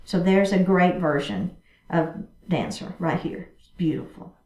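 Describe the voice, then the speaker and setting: A woman's voice: fairly low pitch, unhurried, darkish tone. A woman instructor leading a chair yoga class, encouraging and cueing each move with short repeated prompts. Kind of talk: guiding an exercise class. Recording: echoey room, mic at a distance.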